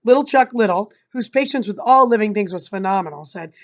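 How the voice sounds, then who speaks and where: A woman's voice: medium pitch, expressive, brisk. A woman reading a novel aloud expressively, adding chatty asides to her listeners. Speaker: reader. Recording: dull lo-fi recording.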